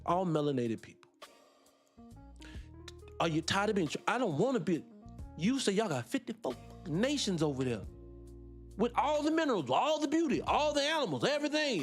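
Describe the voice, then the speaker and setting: Fired-up Black American man ranting. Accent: Black American English. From United States. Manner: profane, animated, swinging between loud and low. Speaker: commentary channel host. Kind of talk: heated reaction commentary.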